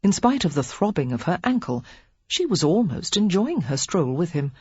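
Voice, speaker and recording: A woman reading a novel aloud as an audiobook narrator, telling it in an expressive, measured way. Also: lowish voice, slightly rough, dry recording, muffled recording. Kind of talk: scripted narration.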